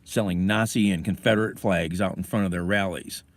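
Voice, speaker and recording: A man's voice: deep voice, fairly even intonation, fairly quick, no echo. A man hosting a casual livestream from his car, ranting angrily and swearing, then fumbling with his phone. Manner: angry, profane, ranting. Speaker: livestream host.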